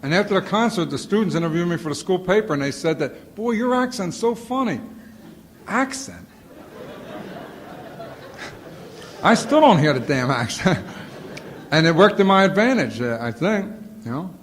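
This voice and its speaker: A man telling comic stories to an audience in animated bursts, with a sore throat and a lozenge in his mouth. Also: a little high, moderate pace, pauses often, big-room sound. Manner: animated storytelling, acts out quotes. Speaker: comedian answering audience questions. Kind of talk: casual Q&A talk. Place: auditorium before a live audience.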